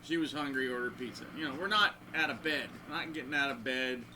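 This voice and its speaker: A man's voice: mid-range voice, fairly quick. Rambling man over air conditioner hum. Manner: crude, rambling storyteller who acts out the voices of people in his stories. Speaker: guitarist and channel host. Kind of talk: rambling anecdote between guitar playing.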